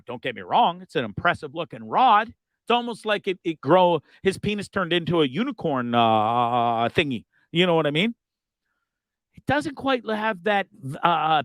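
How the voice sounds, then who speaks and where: Animated, rambling high-voiced man. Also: no room sound. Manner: animated, rambling, crude jokes. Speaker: livestream host. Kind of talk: casual comedic live chat.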